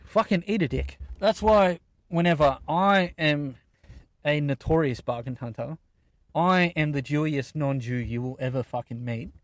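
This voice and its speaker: A man's voice: a little high, a little slow, no room sound. A young Australian man in his twenties, hosting a podcast and ranting in a casual, profane way from inside a car. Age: 20s. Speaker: podcast host. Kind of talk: casual solo rant.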